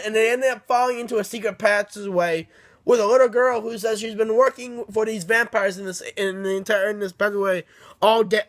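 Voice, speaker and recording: A man's voice: high voice, fairly bright tone. A man casually recapping a story for his viewers, rambling with many restarts and often checking in with "okay?". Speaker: book reviewer.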